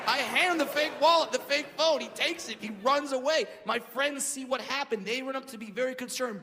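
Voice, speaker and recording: A man performing a stand-up comedy routine, loud and animated, shouting his punchlines. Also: very high-pitched, a little fast, hardly any pauses. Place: live comedy venue with audience. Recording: live hall with crowd and background noise.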